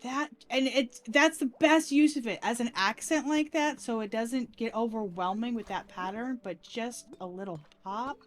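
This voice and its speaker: A woman streaming a block-building game in casual chat, giggly and excitable, with squeals when she is delighted. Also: on the high side, moderate pace, few pauses, faint music behind.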